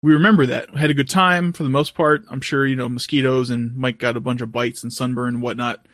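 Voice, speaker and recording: A man in casual chat, calmly thinking aloud about what he wants to do in life. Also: mid-range voice, fast, dry recording, studio quality. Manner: calm and reflective, thinks aloud.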